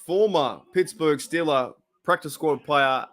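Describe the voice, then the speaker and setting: Australian man, fan watch-party host, casual game commentary, excitable, cheers and groans at plays, slightly high voice. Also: unhurried.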